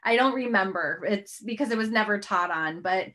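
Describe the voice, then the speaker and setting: A middle-aged woman hosts a faith interview in an earnest, rambling way. She restarts her sentences and leans on fillers as she goes. Her pitch sits at an everyday middle height. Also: moderate pace, fairly bright tone. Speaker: host.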